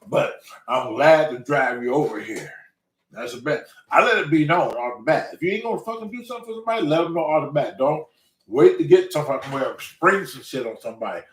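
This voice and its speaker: Older man in his sixties, animated and profane storytelling, lively pitch, roomy off-mic sound. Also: a little fast, far from the mic. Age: 60s. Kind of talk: casual storytelling. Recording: roomy room, away from mic.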